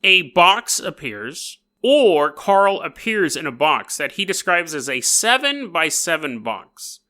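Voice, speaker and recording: This man's voice sits a little high, and he takes his time. As a podcast host, he recounts an odd tale in a jokey, lively way, performing the quoted lines.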